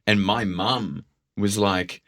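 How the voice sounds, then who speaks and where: A young man co-hosting a podcast, chatting casually in an animated, jokey way and swearing freely. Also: on the low side, takes it slowly. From Australia. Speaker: podcast co-host. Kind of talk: casual chat.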